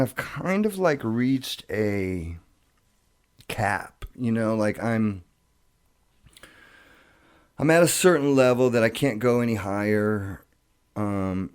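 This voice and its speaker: A middle-aged man telling his life story in casual talk, profane and rambling, with halting restarts. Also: lowish voice, darkish tone, clear, resonant tone, no echo, studio quality.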